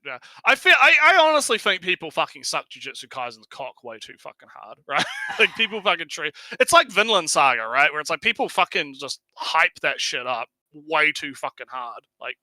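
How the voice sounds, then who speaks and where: Guy cohosting a stream, high bright voice, dry close sound, swears a lot. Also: no echo. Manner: profane, laughing, rambling. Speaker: stream co-host. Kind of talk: casual chat.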